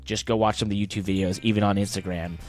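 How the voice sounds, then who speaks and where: Casual low-voiced podcast man. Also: fairly even intonation, fast talker, soft background music. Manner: conversational, enthusiastic, with fillers. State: voice wearing out. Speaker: podcast co-host. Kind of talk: casual motorsport podcast chat.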